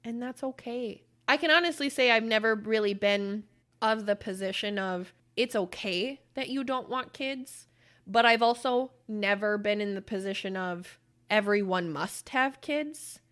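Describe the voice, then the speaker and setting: A woman's voice: medium pitch, a little slow, a bit bright. A woman co-hosting a podcast in casual chat, blunt and profane, acting out quoted voices as she tells stories. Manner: acts out quoted voices while telling stories. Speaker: podcast co-host.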